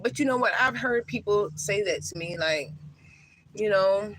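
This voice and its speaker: Streaming live from outdoors, this woman in her thirties talks with her viewers in a warm, emotional way, full of fillers. Her medium-pitched voice is animated and moves at a moderate pace. The recording quality is low.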